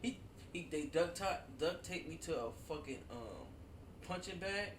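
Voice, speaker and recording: A man casually telling childhood stories to friends, animated and profane, laughing often and saying "dude" a lot. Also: on the high side, normal speed, recorded from a distance, a little hiss or hum. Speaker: storyteller among friends. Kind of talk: casual chat. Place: at home with friends over wine. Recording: roomy, away from the mic.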